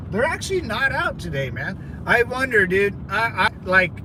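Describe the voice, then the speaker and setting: A man from California livestreaming from a vehicle, rambling excitably through viewer comments with lots of fillers. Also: high-pitched, measured pace, noisy background. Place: in a moving vehicle in a city.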